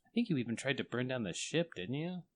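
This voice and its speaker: A woman's voice: a bass voice, big pitch swings, quick pace. A woman playing in a tabletop game, with a wry, teasing way of talking. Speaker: player. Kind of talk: casual tabletop game chat. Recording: noisy recording.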